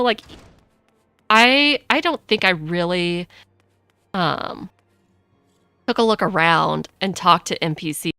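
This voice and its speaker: A woman streaming a video game, chatting casually and excitably with lots of 'like'. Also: fairly low pitch, clear, resonant tone, no room sound. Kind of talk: casual gameplay commentary.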